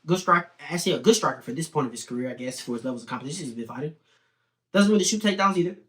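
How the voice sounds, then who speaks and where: Give me an opinionated young man with a slightly high voice, casually talking fight predictions in quick bursts. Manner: opinionated, animated, talks in quick bursts with restarts. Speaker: sports betting and fight prediction host. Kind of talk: casual video commentary.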